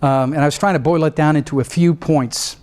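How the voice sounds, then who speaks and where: A man's voice: a little high, steady tone, a little fast, darkish tone. A man giving a law school lecture in a conversational way, often checking in with his listeners and sometimes restarting or trailing off mid-thought. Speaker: guest lecturer.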